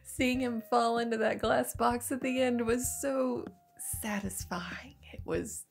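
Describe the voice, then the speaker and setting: A woman's voice: fairly high pitch, level tone, a little slow, gravelly. Scratchy-voiced woman with a cold. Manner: enthusiastic, gushing, laughs often. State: hoarse from a cold, a bit stuffy. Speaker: movie reaction host. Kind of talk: casual spoken movie review.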